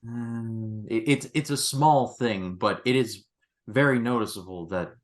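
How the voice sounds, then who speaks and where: A man hosting a casual film review chat, animated and quick with asides. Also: medium pitch. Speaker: film review podcast host.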